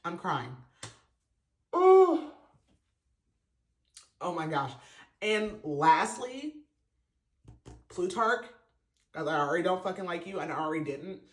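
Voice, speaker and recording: A man's voice: high-pitched, lively intonation, normal speed, pauses often, fairly bright tone. A man hosting a podcast, giving a casual, emotional book review full of fillers and restarts. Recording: roomy echo.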